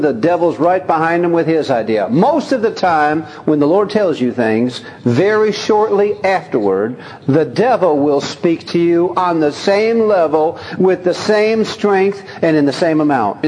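A man preaching in a church sanctuary, his voice sitting fairly high for a man. He reads scripture aloud, then explains it in a folksy, joking manner and chuckles between points. The sound carries a long reverb tail from the hall. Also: darkish tone. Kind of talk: sermon with scripture reading.

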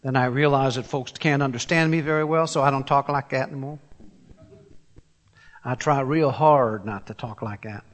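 An older man from Tennessee preaching a sermon, emphatic, firing rhetorical questions and climbing in pitch as he presses a point. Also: normal speed, big-room sound. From Tennessee, USA.

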